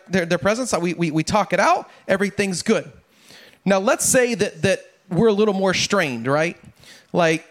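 Higher-voiced man preaching casually. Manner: conversational, repeats words, asks "right?" often. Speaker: pastor. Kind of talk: casual sermon with family stories.

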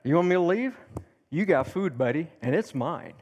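A man voicing a bold, greedy male bear who refuses to leave the food, speaking gruffly and defiantly. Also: fairly high pitch, lively intonation, moderate pace, darkish tone, in a large hall, lo-fi sound, pitched above the performer's own voice.

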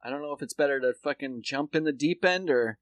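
A man's voice: fairly high pitch, fast, dry recording. A man co-hosting a comedy podcast, telling a long story in a loose, swearing, laughing way. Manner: animated storyteller, laughs often, swears freely. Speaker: podcast co-host. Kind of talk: casual comedic chat.

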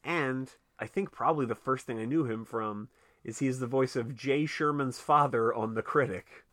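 A man's voice: mid-range voice, normal speed, fairly bright tone, no echo, studio quality. A man co-hosting a casual film podcast, chatty and profane, laughing often and acting out movie lines. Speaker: podcast co-host. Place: home, recorded late at night.

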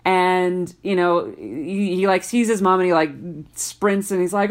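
A woman in casual podcast chat, telling a story with lively acted-out quotes. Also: mid-range voice, fairly quick. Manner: animated storyteller, acts out quoted voices.

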